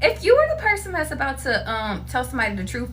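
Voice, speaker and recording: A woman giving a casual tarot reading to her viewers, animated, laughing often and cursing freely. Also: high-pitched, fast talker, slight background noise. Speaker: tarot reader.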